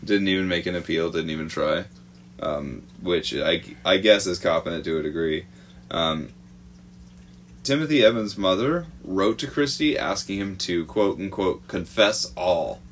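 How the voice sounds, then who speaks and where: A man with a very low, deep voice talks through a true crime story on a podcast. He rambles casually, hedging with plenty of ums and uhs, and drops swear words freely. A faint hum sits under the recording. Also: animated, unhurried. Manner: rambling, hesitant with many fillers, swears freely. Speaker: podcast co-host presenting a true crime report.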